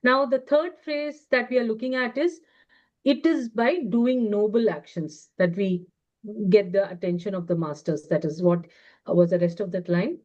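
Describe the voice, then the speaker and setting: A woman leading a study class. She reads quotations aloud and explains them in a measured way, pausing often on fillers. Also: mid-range voice, darkish tone. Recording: dull lo-fi recording.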